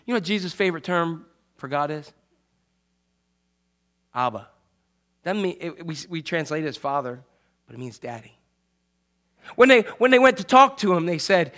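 A man preaching a sermon as pastor, swinging from loud, acted-out quotes to soft, hushed asides. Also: high-pitched, animated, fairly quick.

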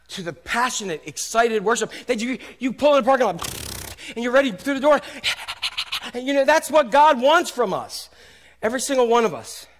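A middle-aged man preaching a sermon as pastor in a casual, animated way, swinging from loud exclamations to soft asides. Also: sits high.

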